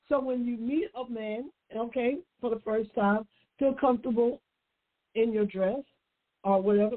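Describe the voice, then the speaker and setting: A woman hosting a relationship advice show. She talks straight to her listeners in an emphatic, preachy way and repeats her key points. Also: a little high. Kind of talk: direct-address advice talk. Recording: tinny phone-like line.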